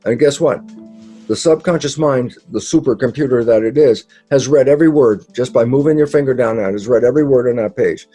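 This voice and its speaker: A man explaining ideas in an interview, animated and casual, acting out quoted dialogue with sudden jumps in pitch and the odd mild swear word. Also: fairly quick, breathy edge, soft background music.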